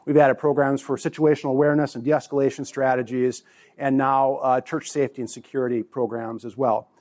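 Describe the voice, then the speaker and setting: A man's voice: medium pitch, level tone, brisk, darkish tone. A man in his forties, a conference presenter, speaking casually and jokingly to a live audience in a meeting room. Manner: chatty, joking, with restarts.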